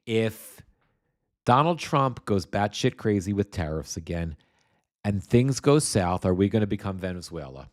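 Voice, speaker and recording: A man from the United States with a somewhat low voice hosts a political commentary livestream. He rambles, swears freely and speaks bluntly. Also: very animated, measured pace. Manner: rambling, blunt and heavily profane. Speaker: host.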